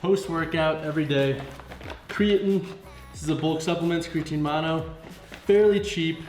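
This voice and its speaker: A man's voice: a little high, normal speed. A young man from Missouri with a Missouri accent, talking casually to the camera as a fitness vlogger in his home kitchen, joking as he goes. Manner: chatty, jokey, talks to the camera. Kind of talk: casual vlog narration. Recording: roomy home sound with faint music.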